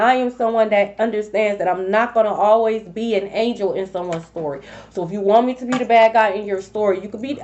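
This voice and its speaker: A woman giving a collective tarot reading, blunt and profane, repeating her points for emphasis. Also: fairly high pitch. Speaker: tarot reader. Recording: dull lo-fi recording.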